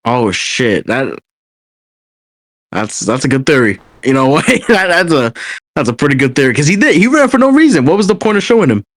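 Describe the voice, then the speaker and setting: A young man co-hosting a casual podcast, excitable and swearing freely as he tells stories. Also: medium pitch, moderate pace, no room sound. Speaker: podcast co-host. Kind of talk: casual chat.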